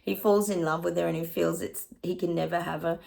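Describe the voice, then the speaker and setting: A middle-aged woman with an Australian accent, a psychic giving a chatty reading to her viewers, often pausing to say hang on and laughing. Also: fairly low pitch, fairly even intonation, vocal fry, a little mellow. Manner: laughs often and hums snatches of songs.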